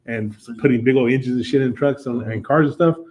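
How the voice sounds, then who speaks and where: A man's voice: medium pitch, fast talker, a little mellow, muffled recording. A man hosting a podcast, asking questions in a laid-back, slangy way with short reactions. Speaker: podcast host. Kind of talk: casual chat.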